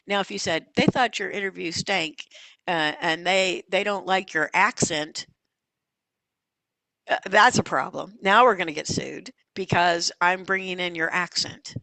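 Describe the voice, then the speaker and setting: A woman leadership coach giving a webinar lesson, talking in a folksy, animated way full of stories and asides. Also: medium pitch, dry recording. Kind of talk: lively webinar teaching.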